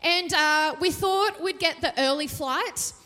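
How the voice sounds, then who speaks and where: A woman's voice: very high voice, a little slow, pushed and bright. A woman preacher giving a chatty, jokey sermon from a church stage, often asking the audience questions. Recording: reverberant church hall.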